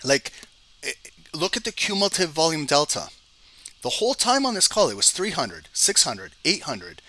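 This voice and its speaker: A man's voice: a little high, very animated, moderate pace, sharp tone. A man giving live screen-share trading commentary, talking straight to his viewers, exasperated, often repeating words as he explains. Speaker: trading educator.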